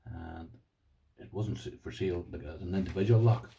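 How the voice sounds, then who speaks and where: A middle-aged Irish man chatting casually to camera about his lock collection, self-deprecating and quick to laugh. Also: low voice, creaky, dark tone, recorded from a distance, a little hiss or hum, poor audio. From Ireland. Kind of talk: casual vlog chat.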